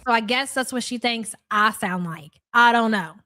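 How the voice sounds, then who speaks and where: A woman's voice: fairly high pitch, normal speed, bright, forceful tone, no echo. A woman hosting a live reaction stream, blunt and sarcastic, swearing freely.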